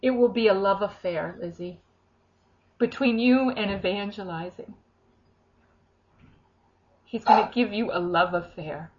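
Woman, mid pitch, prays and exhorts with lively swings, lo-fi recording. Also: a little slow, long pauses. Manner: animated, breaks into tongues and acted quotes. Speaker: prayer minister. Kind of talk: charismatic prayer session. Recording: dull lo-fi recording.

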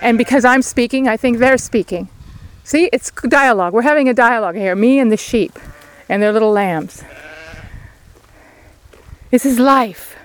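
A woman's voice: on the high side, moderate pace, long pauses. A woman giving an outdoor devotional sermon beside a sheep paddock, in an earnest, pleading way of exhorting. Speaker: lay preacher.

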